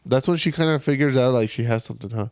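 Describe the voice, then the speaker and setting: A man's voice: mid-range voice, quick pace, darkish tone, dry recording. A man co-hosting a casual podcast, easygoing, agreeable, giving mostly short replies. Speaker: podcast co-host. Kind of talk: casual chat.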